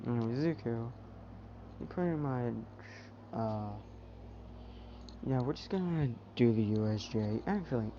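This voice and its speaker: A man's voice: mid-range voice, expressive, unhurried, long pauses. A young man casually retelling a fan story on YouTube, rambling and full of fillers. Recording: dull, noisy home mic.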